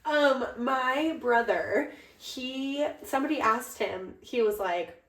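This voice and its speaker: A young adult woman co-hosting a podcast, telling a story in a casual, animated way and jumping up high when she quotes herself. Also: slow pace. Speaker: podcast co-host, bride. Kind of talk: casual chat. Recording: echoey room.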